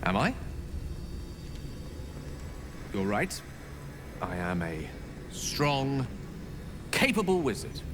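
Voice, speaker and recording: A man's voice: medium pitch, wildly swooping pitch, takes it slowly, background noise. An actor playing a witty, self-mocking male wizard in a video game, talking in a wry, chatty way. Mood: nervous. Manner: wry, talkative, self-deprecating.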